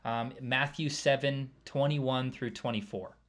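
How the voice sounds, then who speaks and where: Preaching informally, a man keeps checking on his listeners with a repeated "right?" and drops softer whenever he goes off on an aside. He has a medium pitch, fairly even intonation, and speaks a little slowly.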